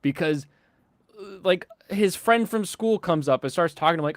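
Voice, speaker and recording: A man hosting a casual podcast chat, ranting in an animated, sardonic way and slipping into mocking voices. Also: high-pitched, normal speed, no echo, clean studio sound. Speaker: host.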